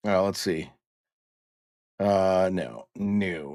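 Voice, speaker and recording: A man's voice: a little high, measured pace, pushed and bright, no room sound, clean studio sound. A young man hosting a casual pre-game live stream, chatting and greeting viewers by name.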